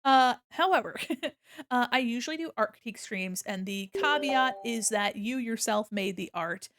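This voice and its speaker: A woman streamer in casual live-stream chat, playfully yelling mock insults at her chat between friendly thank-yous. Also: on the high side, normal speed, no echo.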